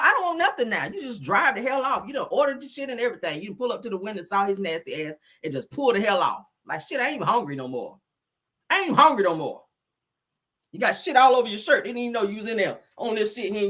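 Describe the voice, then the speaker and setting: Animated, profane woman live-stream host. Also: mid-range voice, fast talker, slightly rough. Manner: profane, animated, frequent laughter. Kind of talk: casual gossip commentary.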